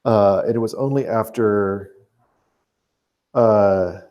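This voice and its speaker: A man narrating as game master of a tabletop game, measured and dotted with fillers. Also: on the low side, lo-fi sound.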